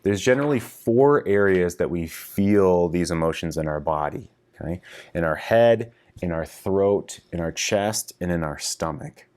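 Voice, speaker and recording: A man's voice: sits low, animated, measured pace, a little mellow. A middle-aged man coaching husbands in a frank, casual video lesson, swearing freely as he explains. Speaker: relationship coach.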